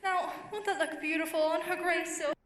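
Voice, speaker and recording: A woman's voice: very high-pitched, fairly even intonation, moderate pace, fairly bright tone. A woman playing a kindly, generous mother and wife in an amateur stage play. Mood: warm, busy. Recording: roomy hall recorded from far off.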